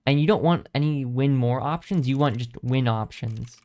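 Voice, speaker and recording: A male game streamer wrapping up a session with loose, casual commentary. He rambles from thought to thought, hedging and restarting his sentences. His voice sits at an ordinary, middle pitch. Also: moderate pace, a little mellow. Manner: rambling, thinks aloud; hesitant, many ums and restarts.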